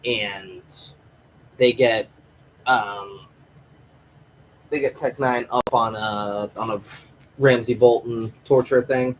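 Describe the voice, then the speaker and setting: A man's voice: mid-range voice, slow pace, long pauses, slight background noise, rough recording. A man recapping a TV episode live, rambling and swearing freely as he retells the plot. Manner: rambling, profane, animated. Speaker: TV show reviewer.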